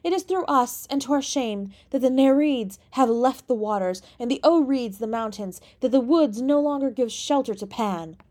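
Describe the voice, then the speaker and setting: A woman's voice: sits high, normal speed, hardly any pauses, a little mellow, voice pushed up. A woman reader voicing a gloomy, theatrical young Englishman who declaims in a lofty, lamenting way.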